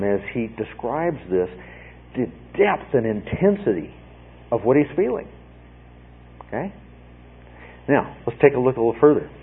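A man's voice: mid-range voice, breathy edge. A man teaching verse by verse through a Bible passage, talking in a conversational way, repeating words and often checking in with "okay?". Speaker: preacher teaching a Bible study. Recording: tinny phone-like radio broadcast.

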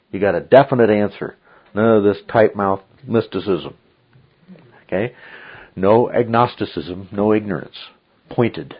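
A man teaches a Bible study emphatically, repeatedly checking in with "okay?". His fairly low voice has a breathy edge, moving at normal speed with long pauses, on a dull lo-fi recording.

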